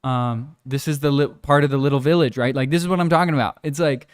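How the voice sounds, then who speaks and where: A man's voice: steady tone, fast talker, clean tone. Laid-back rambling young man. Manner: laid-back, rambling, mimics animals and people in high squeals. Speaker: vlogger. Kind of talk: casual vlog chat. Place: outdoors on a hillside village walk.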